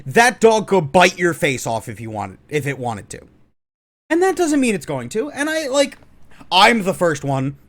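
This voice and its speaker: Guy ranting sarcastic on a reaction vid, swears a lot, highish voice all over the place. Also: very animated, normal speed, a bit bright. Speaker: online commentator. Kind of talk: opinionated reaction commentary.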